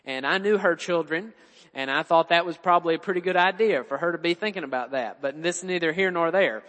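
Male preacher, earnest and explanatory, high-ish voice, reverberant church hall. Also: brisk, a bit bright. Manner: earnest, explanatory, quotes scripture. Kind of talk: sermon.

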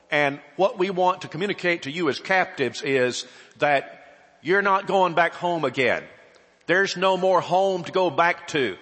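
A man preaching with emphatic, questioning delivery that rises loud and drops to a hush. His voice is bright and a little high for a man. The sound rings with the long reverb of a large hall. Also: slightly rough. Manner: emphatic, rhetorical questions, swings between loud and hushed. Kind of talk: sermon.

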